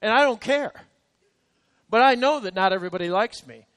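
A man's voice: sits high, lively intonation, a little fast, fairly bright tone. A male pastor preaching a sermon in church, emphatic and counting out his points. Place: church service.

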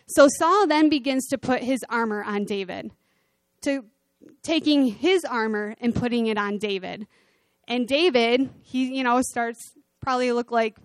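Animated woman preaching in a dry close sound. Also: fairly high pitch, measured pace, dry recording. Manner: conversational, animated storytelling. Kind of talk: sermon.

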